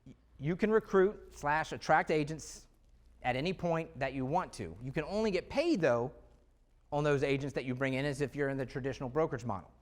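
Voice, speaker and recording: A man giving an energetic, conversational presentation to real estate agents, full of rhetorical questions. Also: on the high side, brisk. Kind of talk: live sales presentation.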